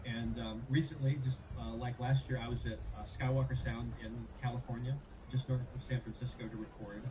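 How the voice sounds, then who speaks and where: A man, a game composer, chatting in an interview in a relaxed way with many fillers. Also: medium pitch, a little fast, far from the mic, background noise. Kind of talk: casual interview talk.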